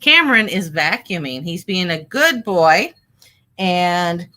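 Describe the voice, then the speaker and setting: A woman's voice: on the low side, very animated, slow pace, bright, forceful tone. A woman hosting a casual livestream from home, chatting in a rambling way, with fillers and asides to her viewers. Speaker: livestream host and online reseller.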